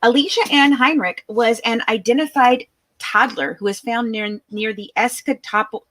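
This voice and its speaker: A woman's voice: a little high, normal speed, a bit bright. A middle-aged woman hosting a casual true crime live stream from home, chatty and easily distracted, often apologizing. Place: home with dogs barking. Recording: noisy home, dogs barking. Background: dogs barking.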